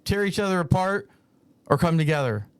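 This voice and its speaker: A man's voice: sits high, animated, brisk, clean tone, no room sound. A man co-hosting a movie podcast, joking around casually with lots of restarts. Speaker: podcast co-host.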